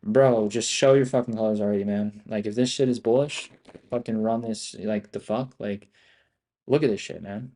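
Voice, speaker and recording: A man's voice: medium pitch, steady tone, moderate pace, mellow. A young man live-streaming his stock trades, frustrated and swearing constantly, calling out "bro" and "dude" as he talks to viewers. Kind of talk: live trading commentary.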